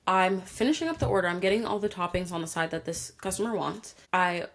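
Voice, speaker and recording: A woman's voice: lowish voice, a little fast. A young woman hosting a casual solo podcast, ranting with animation and acting out quoted exchanges. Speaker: podcast host.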